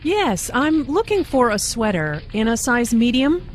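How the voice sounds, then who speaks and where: A woman's voice: fairly high pitch, very animated, measured pace. A woman voicing a friendly customer in a scripted learning dialogue. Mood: pleased. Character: female shopper buying a sweater.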